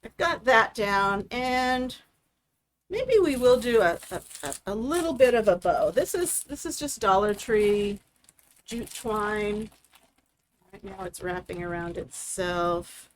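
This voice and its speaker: A woman's voice: medium pitch, animated, slow pace, slight background noise. Chatty woman demonstrating a craft. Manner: chatty step-by-step explaining. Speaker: craft host.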